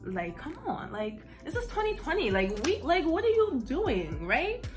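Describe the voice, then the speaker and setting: A woman's voice: high-pitched, measured pace, music in the background. A young woman telling a story in a casual, blunt way, full of "like" and swearing. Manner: animated, heavy use of "like", blunt and profane. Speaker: vlogger.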